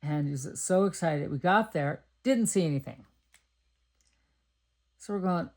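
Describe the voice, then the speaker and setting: Middle-aged texas lady rambling while she makes cards, low voice. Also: moderate pace, long pauses, darkish tone. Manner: chatty, rambling, thinks aloud. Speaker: card-making crafter. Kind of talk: casual crafting chat.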